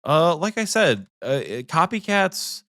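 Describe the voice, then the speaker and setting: A young man co-hosting a gaming podcast, his pitch leaping up and down as he tells stories. He swears freely and bursts into quick impressions of his friend. The studio sound is dry and close. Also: dry recording. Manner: animated storytelling, swearing, mimics friends in quotes. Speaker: podcast co-host. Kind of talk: casual gaming chat.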